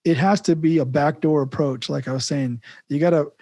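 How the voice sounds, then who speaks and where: A man's voice: a little high, steady tone, brisk, mellow, dry recording, clean studio sound. A man hosting a podcast interview, talking casually in a rambling way with many restarts and chuckles. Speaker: podcast host.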